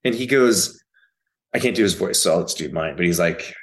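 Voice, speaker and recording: A man who is an actor, a guest on a podcast, telling stories in a loose, profane, animated way. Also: low-pitched, normal speed. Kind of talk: casual interview chat.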